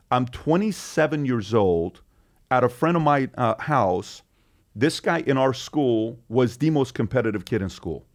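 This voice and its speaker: A middle-aged man chatting as a podcast guest, telling stories and acting out the quotes. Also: mid-range voice. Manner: animated storyteller who acts out quotes. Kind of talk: casual storytelling chat.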